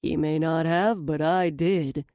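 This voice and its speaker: A woman voicing a calm, affectionate husband in an audiobook, gently teasing. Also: sits low, takes it slowly, clear, resonant tone, no echo, studio quality. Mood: fond. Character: affectionate husband, adult man. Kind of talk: audiobook character voice.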